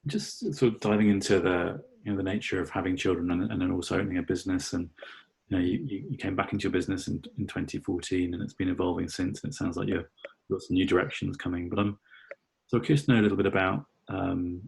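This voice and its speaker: Deep, very husky, gravelly male host. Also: steady tone, fast. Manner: thoughtful, empathetic, many soft murmured agreements. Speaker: podcast host. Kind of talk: conversational podcast interview.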